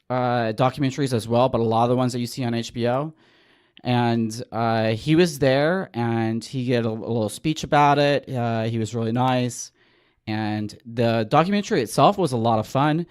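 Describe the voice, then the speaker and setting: A man hosting a podcast, talking in a relaxed, chatty way and spinning stories with a wry edge. His voice sits at an ordinary middle pitch. The sound is close and dry, with no room around it. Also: normal speed, smooth, no echo. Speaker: podcast host. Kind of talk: casual podcast chat.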